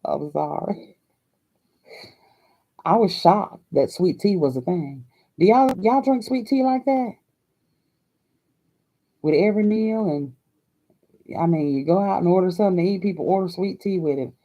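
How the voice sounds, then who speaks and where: Gravelly older woman chatting casually. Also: on the low side, lively intonation, a little slow, pauses often, dull audio. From Hawaii. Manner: folksy, chatty, laughs often. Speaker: crafting channel host.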